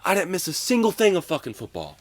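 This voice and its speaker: A man imitating a furious male football coach who berates him, raising his voice to a loud, high, profane rant. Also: huge pitch swings, fast talker, no echo. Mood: yelling, angry. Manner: shouting, profane.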